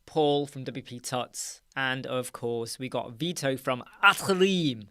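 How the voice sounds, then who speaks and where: A British man hosts a casual live-stream chat from a dark room lined with soundproof panels, chatting, joking, reading viewer comments aloud and laughing often. His mid-range voice is slow, a bit bright and clean, with hardly any pauses. The sound is very dry and close, with no echo.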